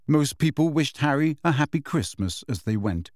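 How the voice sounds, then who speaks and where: A man narrates an audiobook from a script, telling the story in a measured, expressive way. His voice is fairly high, and the clean studio recording has no room sound.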